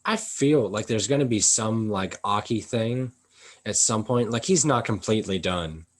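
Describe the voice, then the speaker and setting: A man casually chatting about manga as a co-reviewer, animated and quick to laugh along. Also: lowish voice. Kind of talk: casual chat.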